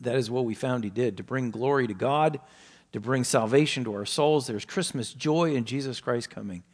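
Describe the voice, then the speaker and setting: Man preaching a storytelling sermon. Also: normal speed. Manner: storytelling preacher, emphatic rises and soft low passages. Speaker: pastor.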